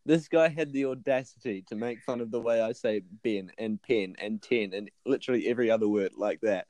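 A man's voice: fairly low pitch, brisk, dark tone, no echo. A young man with a New Zealand accent, co-hosting a podcast in casual chat, with a wry, teasing manner. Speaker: podcast co-host.

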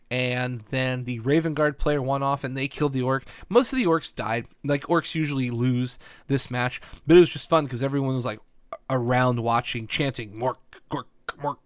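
A man's voice: mid-range voice, a bit bright, clear, resonant tone, no room sound. Male podcast host, medium voice, eager storyteller who rambles happily, dead-dry booth sound. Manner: enthusiastic, rambling, frequent "like" and laughs. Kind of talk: casual podcast recap.

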